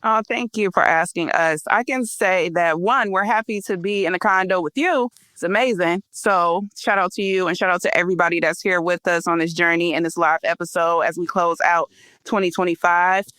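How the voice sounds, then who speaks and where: A woman from Cleveland co-hosts a casual podcast, easygoing and thankful. Her voice is bright and smooth, and it sounds dry and close. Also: on the low side, fairly even intonation, moderate pace, no room sound. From Cleveland, Midwest. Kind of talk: casual chat.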